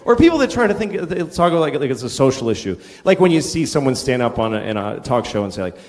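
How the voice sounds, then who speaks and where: A middle-aged man doing a stand-up comedy set, ranting and swearing and acting out shouted characters. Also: medium pitch, very animated, fast talker, hardly any pauses. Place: large theater with a laughing audience. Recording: live theater recording, hall echo, crowd laughter.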